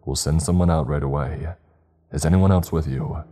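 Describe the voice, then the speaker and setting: A man voicing a brisk male official giving orders over the phone. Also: rumbling low, warm tone.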